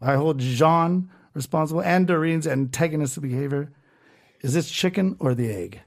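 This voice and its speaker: A man's voice: on the high side, normal speed. A man hosting a podcast, ranting casually and with lots of swearing while reading comments aloud. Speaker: podcast host.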